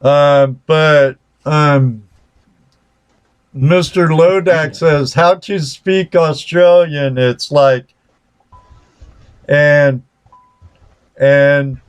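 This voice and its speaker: Slow-talking male show host. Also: fairly high pitch, clean tone, faint music behind. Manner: relaxed, reads out chat comments. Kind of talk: casual chat.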